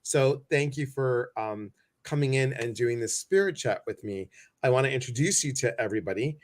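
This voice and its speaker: A man's voice: mid-range voice, lively intonation, moderate pace. A man hosting a casual livestream chat, bubbly and sassy, greeting viewers by name. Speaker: livestream host.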